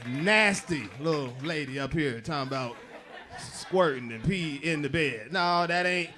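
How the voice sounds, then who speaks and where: A man's voice: on the high side, normal speed, a bit bright, a little hiss or hum. A man hosting a comedy show, teasing the acts and crowd with loose, laughing banter. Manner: playful, teasing, laughs between jokes. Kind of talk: emcee banter.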